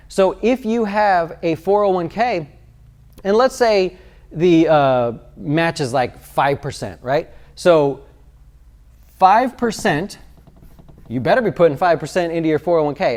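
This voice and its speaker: A man's voice: high voice, darkish tone. A man working as a financial advisor, explaining retirement savings in a conversational video talk and asking his viewers rhetorical questions.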